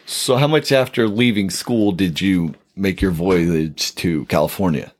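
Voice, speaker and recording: A man with a fairly low voice hosts a podcast. He puts plain, curious questions to his guest in a steady interviewing manner. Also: a little slow. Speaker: podcast host.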